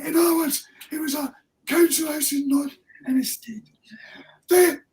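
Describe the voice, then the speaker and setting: Recorded far from the microphone, this honorary professor speaks with an extremely high pitch and a darkish tone. He's an older man with a Scottish accent, from Ayrshire, answering interview questions in an earnest, plain-spoken way.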